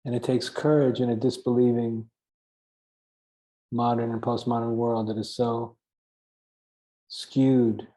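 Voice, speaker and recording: A man's voice: medium pitch, dark tone, poor audio. A man giving an earnest spiritual teaching talk, stressing his points by repeating phrases and now and then chuckling at himself.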